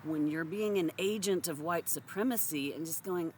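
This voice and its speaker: A woman's voice: low-pitched, expressive, moderate pace, darkish tone, a little hiss or hum. A woman giving a blunt, sarcastic, profane monologue to her audience. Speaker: social commentator. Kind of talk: direct-to-camera monologue.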